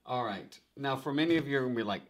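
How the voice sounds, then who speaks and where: A man hosting his own tarot vlog, chatting animatedly to viewers, laughing often and calling them "guys". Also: medium pitch. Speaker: tarot video host. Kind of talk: casual vlog talk to viewers.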